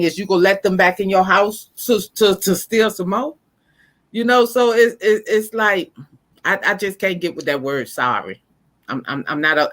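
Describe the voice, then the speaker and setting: A woman's voice: on the low side, a bit bright. A middle-aged woman hosting a casual podcast chat and reading out listener comments, emphatic and prone to repeating words as she thinks. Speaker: podcast host.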